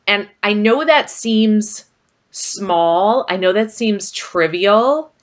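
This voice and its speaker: A woman's voice: medium pitch, expressive, extremely slow. A middle-aged woman vlogger talking casually and rambling about her marriage, with frequent fillers. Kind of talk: casual personal talk to camera.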